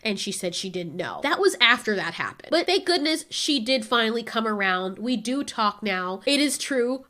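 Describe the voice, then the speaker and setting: A woman ranting casually to her camera, exasperated and sarcastic, swearing freely and mimicking other people with sudden pitch jumps. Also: fairly bright tone. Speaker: vlogger.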